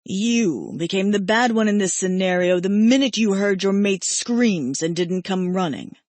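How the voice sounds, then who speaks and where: A woman voicing a steady, protective male immortal who speaks slowly and firmly. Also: medium pitch, dry recording, lightly acted. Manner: slow, firm and measured.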